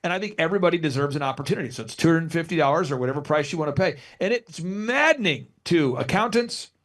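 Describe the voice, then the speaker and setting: Animated man in his forties, storytelling. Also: fairly high pitch, fast. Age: 40s. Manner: energetic storyteller who acts out quotes. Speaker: business consultant, guest. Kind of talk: podcast interview.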